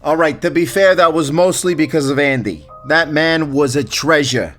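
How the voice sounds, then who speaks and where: A man's voice: a little high, moderate pace, a bit bright, faint music behind, natural voice. A man playing a laid-back, joking Grim Reaper. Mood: amused. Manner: laid-back, chatty, crude and wry. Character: casual joking male Grim Reaper, Death. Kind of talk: audio role-play drama.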